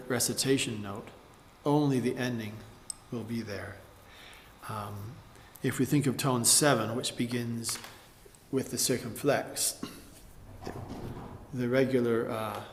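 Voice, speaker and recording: A man teaching psalm chanting in a measured spoken tutorial, breaking off now and then to sing short demonstration phrases. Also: mid-range voice, a little hiss or hum. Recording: roomy space with long reverb.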